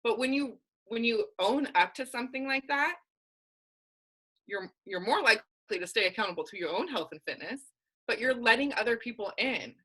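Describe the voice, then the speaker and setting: Young adult female fitness coach, casual and emphatic motivational speaker, crisp bright tone. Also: a little high, expressive, moderate pace, rough recording. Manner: candid, emphatic, casual slang. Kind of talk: motivational team call talk.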